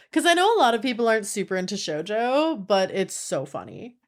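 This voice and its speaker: Chatting with her viewers on a live stream, this young woman has a sing-song, medium-pitched voice at a moderate pace. She gushes, giggles, laughs easily, and fills her speech with "like."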